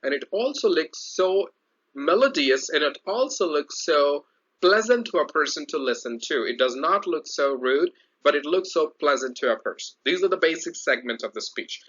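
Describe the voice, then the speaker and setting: Bright-voiced man teaching speech clarity. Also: fairly high pitch, normal speed. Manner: repetitive, explanatory, lively modulation. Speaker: English speech trainer. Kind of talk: slide-based lesson. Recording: dull lo-fi audio.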